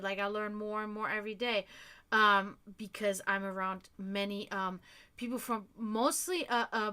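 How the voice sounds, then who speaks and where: A woman from Germany hosts her own stream and chats loosely, trailing off and restarting her sentences as she goes. Her voice sits a little high and has a forceful, bright edge. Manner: chatty and rambling, with frequent restarts. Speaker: livestream host. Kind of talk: casual chat.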